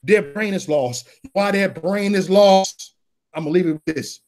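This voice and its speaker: A middle-aged man, ranting on a political livestream, loud and preachy, rising to shouts. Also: high voice, moderate pace.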